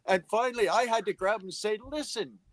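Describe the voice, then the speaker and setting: A man's voice: high voice, fast talker, a crowd in the background, low-quality recording. A middle-aged man, co-hosting a sports podcast and recounting umpiring stories emphatically, acting out what people said. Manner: emphatic, acts out quotes. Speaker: podcast co-host, umpire evaluator. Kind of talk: casual storytelling chat.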